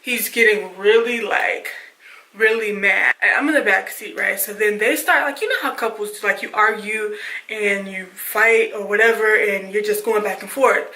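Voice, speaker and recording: A woman vlogger telling a dramatic story casually, in an animated way with lots of fillers. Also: medium pitch, moderate pace, reverberant, rough recording.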